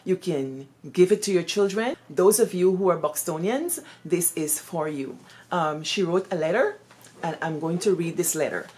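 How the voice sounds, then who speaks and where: A woman with a Guyanese accent, a former teacher, telling personal stories in an expressive, lively way sprinkled with Creole phrases. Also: on the low side, moderate pace. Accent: Guyanese Creole-tinged English. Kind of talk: animated personal storytelling.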